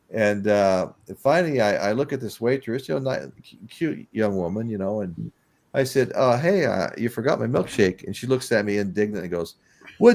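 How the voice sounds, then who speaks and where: A middle-aged man hosting a casual live-stream chat, a rambling storyteller who laughs often. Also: medium pitch. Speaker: host.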